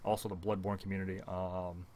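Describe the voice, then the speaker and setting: A young man co-hosting a casual gaming podcast, excitable and swearing a lot, acting out his own reactions with sudden high yelps. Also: a little fast. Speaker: podcast co-host.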